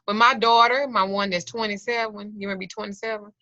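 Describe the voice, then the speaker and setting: A woman's voice: mid-range voice, steady tone, quick pace, pushed and bright, dry recording. A middle-aged woman teaching an occult class over a video call, swearing freely, joking and acting out little scenes. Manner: profane, joking storyteller who acts out voices. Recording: dull lo-fi video call audio.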